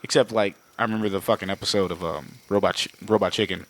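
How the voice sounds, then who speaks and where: A man co-hosting a podcast, rambling and swearing as he recaps a movie and acts out its characters in quick bits. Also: low voice, steady tone. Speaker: podcast co-host. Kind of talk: casual movie recap chat.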